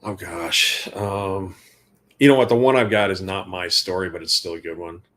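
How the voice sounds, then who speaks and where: Speaking at a normal speed in a low, slightly bright voice with fairly even intonation, the guitar tech shares rambling backstage stories in an interview. He quotes dialogue and laughs as he goes.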